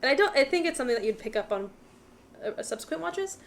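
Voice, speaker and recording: A woman's voice: sits high, very animated, fast, slight background noise. A woman co-hosting a casual movie podcast, chatty and full of trivia, often quoting people in little voices. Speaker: podcast co-host.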